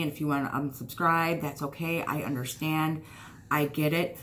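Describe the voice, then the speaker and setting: Low-voiced lady vlogger going off, blunt, cussing, repeats herself for emphasis. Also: a bit bright, a little hiss or hum. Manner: blunt, swearing, emphatic repetition. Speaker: YouTuber. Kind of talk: heated vlog rant.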